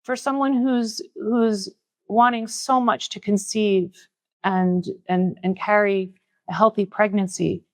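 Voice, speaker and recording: A middle-aged woman speaks casually as a spiritual teacher telling a personal story. She acts out the quoted lines with sudden jumps up in pitch. The sound is dry and close, with no room echo. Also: steady tone, takes it slowly. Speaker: spiritual teacher and podcast host.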